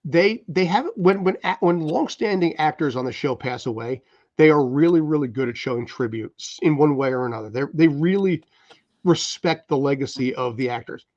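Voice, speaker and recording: A man's voice: on the high side, moderate pace, a little mellow, no room sound. A man co-hosting a casual film podcast, talking enthusiastically and repeating his words as he goes. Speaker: podcast co-host. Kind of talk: casual panel chat. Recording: dull lo-fi sound.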